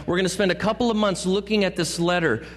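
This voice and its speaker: Pastor, male, joking sermon delivery, slightly high voice, long church reverb. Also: fairly even intonation, fast talker. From California. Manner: joking asides and playful put-on voices. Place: church sanctuary.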